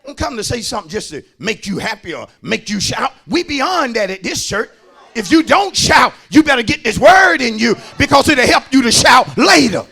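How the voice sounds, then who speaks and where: A man, a pastor preaching a sermon in a church, shouting in a rhythmic, sing-song way and calling out to the congregation. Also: very high voice, big pitch swings, normal speed, vocal fry, breathy edge.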